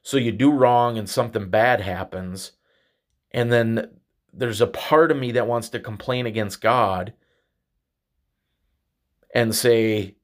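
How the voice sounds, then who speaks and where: A man hosting a podcast, talking through a reflective religious monologue in a halting way, often restarting and repeating words. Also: medium pitch. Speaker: podcast host.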